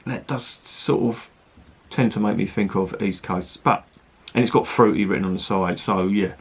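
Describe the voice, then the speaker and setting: Husky, low-voiced beer reviewer. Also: male voice, normal speed. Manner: rambling, chatty and sweary. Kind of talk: casual review chat.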